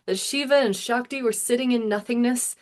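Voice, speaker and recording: A woman's voice: a little high, brisk. A woman in her thirties, an astrologer musing aloud in a meandering, self-interrupting way with chuckles. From United States. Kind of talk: casual musing monologue.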